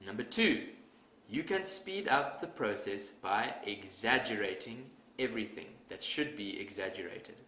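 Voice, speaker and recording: Man, pronunciation lesson, slow measured delivery, bright tone, echoey room, faint background hum. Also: lowish voice, animated. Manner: measured, deliberate, emphatic on example words. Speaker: English pronunciation teacher. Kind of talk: scripted instructional talk.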